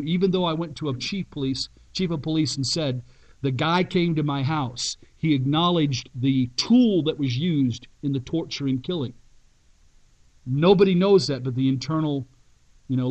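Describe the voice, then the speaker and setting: A male pastor telling a dramatic story in a sermon, emphatic and with long pauses. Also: a little high, low-quality recording.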